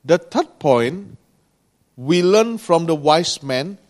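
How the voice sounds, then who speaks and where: Slow, earnest man preaching a sermon. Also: a little high, animated. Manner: slow, earnest preaching with pauses and rising emphasis; non-native grammar.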